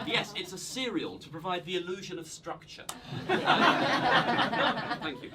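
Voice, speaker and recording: A man's voice: high voice, very animated, slow pace, noisy background. A man doing stand-up storytelling with a slight cold, self-deprecating and hesitant, projecting unmiked in a small live room. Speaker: stand-up comedian. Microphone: no microphone, projecting to the room. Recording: live room with laughing audience.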